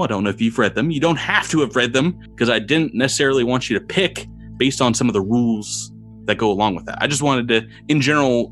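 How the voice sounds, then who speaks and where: A man narrating a tabletop game as game master, describing scenes with frequent pauses and repeated words. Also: mid-range voice, a bit bright. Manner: descriptive, halting with fillers and repeats.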